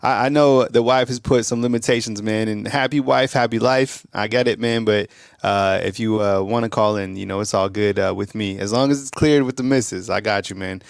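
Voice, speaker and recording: A man's voice: lowish voice, steady tone, fairly quick, gravelly, dry recording, studio quality. A male host of a sports call-in show talking in an easygoing way. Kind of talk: casual sports talk.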